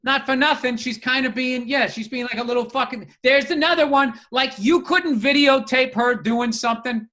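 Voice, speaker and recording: A man co-hosting a podcast in casual chat, rambling and swearing freely with animated asides. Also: extremely high pitch, normal speed, hardly any pauses. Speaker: podcast co-host.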